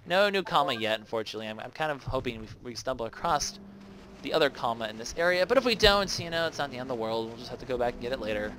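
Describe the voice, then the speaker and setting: A man's voice: medium pitch, expressive, racing, a bit bright, slight background noise. A young man rambling casually as he comments on a video game he plays. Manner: rambling, chatty, often trails off. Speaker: let's play commentator. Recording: faint game music behind the voice.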